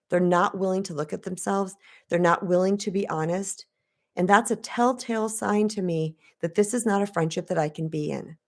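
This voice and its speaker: A woman relationship coach speaking frankly to her viewers in a casual, direct way, telling stories and talking in a lively, straight-talking manner. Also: mid-range voice. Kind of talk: casual direct-to-camera talk.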